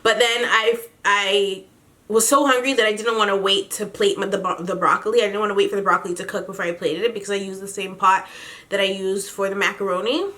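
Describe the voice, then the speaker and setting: A woman's voice: medium pitch, fairly even intonation, a little fast, bright, forceful tone. Chatty young woman vlogging. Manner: chatty, laughs often, slangy. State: pregnant. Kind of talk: casual pregnancy update vlog.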